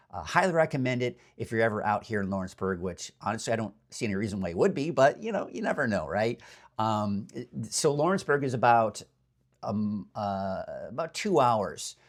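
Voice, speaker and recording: Chatty meteorologist man, rambling. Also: lowish voice. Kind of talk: casual morning weather chat. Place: hotel room.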